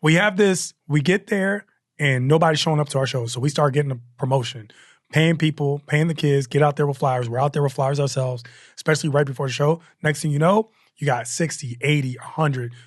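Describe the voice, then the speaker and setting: A male comedian chatting as a guest, lively and loose, tossing in asides and restarting sentences as he goes. His voice sits a little above the usual male range. The sound is close and dry, with no room echo. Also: fairly high pitch, fairly quick. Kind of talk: casual storytelling chat.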